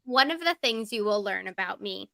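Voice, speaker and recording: A woman's voice: medium pitch, animated, normal speed, gravelly, crowd noise. A woman from Georgia with a light Southern accent, chatting casually as a guest and telling stories. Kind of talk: casual chat.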